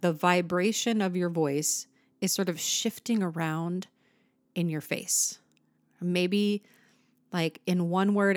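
A woman's voice: fairly low pitch, no echo. A woman singing teacher explaining vocal technique to viewers in a patient, explanatory way, posing rhetorical questions.

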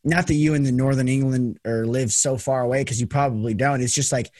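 A man's voice: medium pitch, fairly even intonation, a little fast, a little mellow, no room sound, studio quality. A young man with a General American accent, hosting a casual chat in a loose talkative way. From Las Vegas, USA. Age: young adult. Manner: chatty, loose, full of "like". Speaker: host. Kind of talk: casual conversation.

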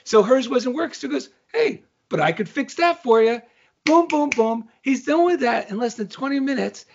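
A man's voice: very high-pitched, expressive, normal speed, vocal fry. A middle-aged man co-hosting a casual spiritual podcast, telling a story animatedly and acting out the dialogue. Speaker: co-host. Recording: dull lo-fi sound.

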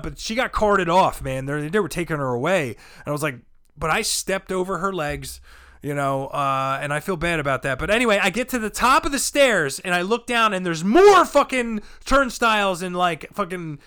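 A man, a comedian guest, telling a rowdy, profane story with animated delivery and sudden shouts. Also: high-pitched, normal speed, clean tone. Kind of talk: storytelling chat.

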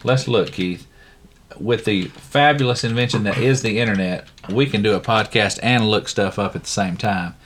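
A middle-aged man co-hosts a relaxed podcast in a fairly low voice. He talks in a chatty, joking way and gives firm opinions freely. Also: normal speed, a little hiss or hum. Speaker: podcast co-host. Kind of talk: casual podcast chat.

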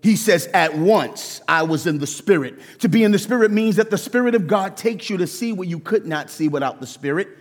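High-voiced preaching man, reverberant church. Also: a little fast, hardly any pauses. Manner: animated preaching, acts out quoted voices. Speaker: pastor. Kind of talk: sermon.

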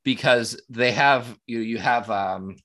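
A man's voice: medium pitch, takes it slowly, fairly bright tone. A man co-hosting a podcast in casual chat, rambling and cursing with lots of restarts. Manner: rambling, profane, many restarts. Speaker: podcast co-host.

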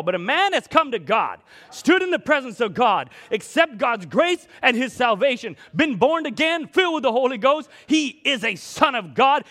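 Lively, high-pitched preaching man. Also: normal speed. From Scotland. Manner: emphatic preaching, swings between loud and soft. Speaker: pastor. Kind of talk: sermon.

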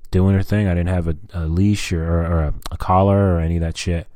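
A deep-voiced man rambles through a casual personal vlog, dropping fillers and curse words as he catches up with his viewers. His tone is dark and mellow, and the recording is dry and close. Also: level tone, brisk, dry recording. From US Southwest. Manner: rambling, frequent fillers and cursing. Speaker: vlogger.

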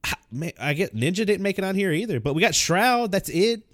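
Young male co-host, lively swinging delivery, easy laugh, dry close mic. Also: high voice, fairly quick, no echo. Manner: animated, laughs often, self-deprecating. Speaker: podcast co-host. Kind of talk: casual chat.

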